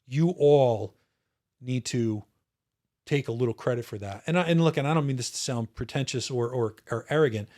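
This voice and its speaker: A man's voice: mid-range voice, moderate pace, dark tone. Earnest man in his fifties reminiscing. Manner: earnest, reflective, frequent restarts. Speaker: podcast guest, retired officer. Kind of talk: casual interview storytelling.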